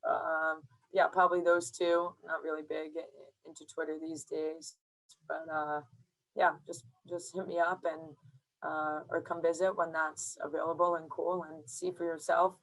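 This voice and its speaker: A woman, a strength coach, chatting casually as a podcast guest; laid-back, laughing often and filling pauses with "um" and "uh". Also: low-pitched, flat delivery, rough recording.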